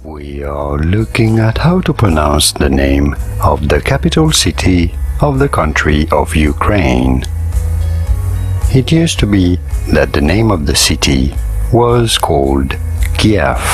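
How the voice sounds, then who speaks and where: Male narrator for a pronunciation clip; extremely low, unhurried, lively pitch. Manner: calm, measured, repeats the key word. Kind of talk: instructional narration.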